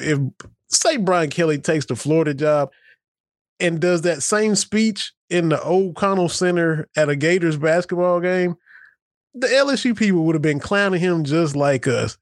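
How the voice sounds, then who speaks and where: A man's voice: fairly high pitch, expressive, normal speed, no echo, studio quality. A middle-aged man from southeastern Kentucky, joking through casual sports chat as a podcast co-host. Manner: laughs often, folksy and joking.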